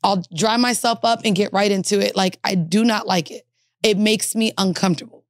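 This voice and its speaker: A woman co-hosting a podcast in casual chat, blunt and quick to laugh. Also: mid-range voice, fairly even intonation, no echo, studio quality. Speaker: podcast co-host.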